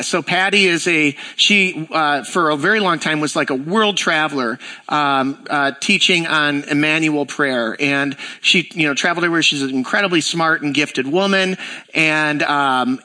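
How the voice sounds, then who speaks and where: A man with a bright, ringing voice pitched a little high preaches to his church. He talks casually and animatedly, slipping into lively acted-out dialogue when he tells a story. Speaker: pastor. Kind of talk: sermon.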